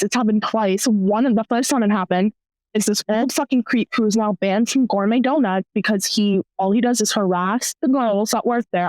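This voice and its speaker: A woman's voice: fairly high pitch, darkish tone, dry recording, poor audio. Blunt, joking young woman. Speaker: podcast co-host. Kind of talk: casual chat.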